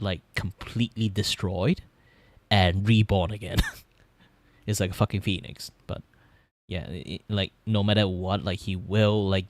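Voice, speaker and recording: A man's voice: low voice, no echo. A young man with a Malaysian English accent chatting casually on a livestream while he draws, rambling, swearing freely and laughing often. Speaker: vtuber streamer.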